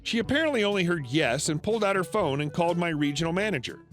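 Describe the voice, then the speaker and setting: A man narrating online stories in a steady, scripted storytelling read. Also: sits high, quick pace. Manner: steady storytelling read with lively swings into quoted characters. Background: faint background music.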